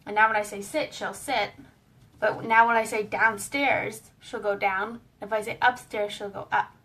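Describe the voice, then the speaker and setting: A woman's voice: mid-range voice, little pitch movement, moderate pace, bright, forceful tone, distant mic. A woman giving a casual, explanatory online lesson as a pet wellness educator, with a few small fillers.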